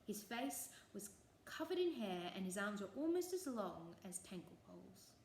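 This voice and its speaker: A woman telling a traditional folk tale in an expressive, lilting storytelling way. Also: medium pitch, normal speed, creaky, a little hiss or hum. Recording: echoey room, faint ambience.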